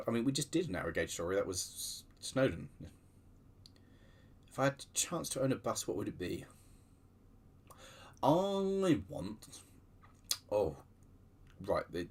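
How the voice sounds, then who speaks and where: A man's voice: low voice, breathy edge. A man hosting a casual livestream, chatting in a rambling, self-deprecating way with many restarts, keyboard typing behind him. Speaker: livestream host.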